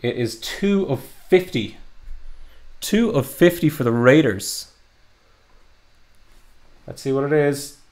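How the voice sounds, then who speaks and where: Slow and expressive, with long pauses, a young man's medium-pitched, somewhat dark voice carries his live commentary on opening trading card packs. He's a card breaker, upbeat and talkative, and he says um and uh a lot.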